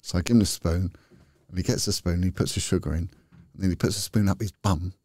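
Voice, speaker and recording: Deep-voiced man telling candid stories. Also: steady tone, quick pace, a little mellow, dry recording, clean studio sound. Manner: candid, rambling, chatty with frequent restarts. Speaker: podcast guest, former police detective. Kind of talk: casual anecdotal storytelling.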